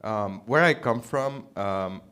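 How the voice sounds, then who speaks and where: A man's voice: lowish voice, slow, a bit bright, clear, resonant tone. A man from the Middle East hosting an open mic, doing a brash, rambling stand-up set with swearing, in a small comedy venue on a stage mic. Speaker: comedy host.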